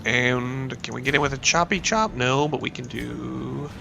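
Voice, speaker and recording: A man in his thirties, a gaming YouTuber and teacher, gives let's play commentary with a sniffly cold. His mid-range voice is unhurried with vocal fry, against a noisy background, as he rambles casually and talks to his characters while playing.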